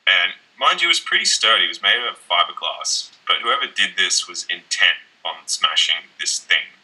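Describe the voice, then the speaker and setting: A man's voice: deep voice, animated, moderate pace, pushed and bright, slightly rough, heavily acted, rough recording. An actor playing a young man on a date, telling a rambling, profane story about his wrecked room. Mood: rueful. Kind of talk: conversational web-series acting.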